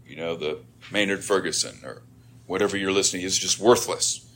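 A man's voice: low-pitched, a little fast, a bit bright, slight background noise. Man preaching a conversational sermon. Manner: conversational teaching with emphatic rises.

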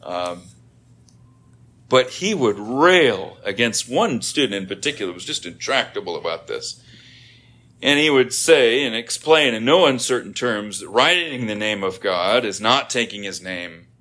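A man's voice: lowish voice, expressive, a little slow, pushed and bright. A middle-aged man preaching a sermon in a conversational teaching manner, rising to emphatic points.

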